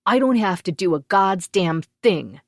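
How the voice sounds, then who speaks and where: A woman plays a fierce female warrior monk in a fantasy audiobook, blunt and scolding. The voice is sharp and raised, recorded dry and close. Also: medium pitch, animated, unhurried, dry recording, voice pushed up. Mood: angry.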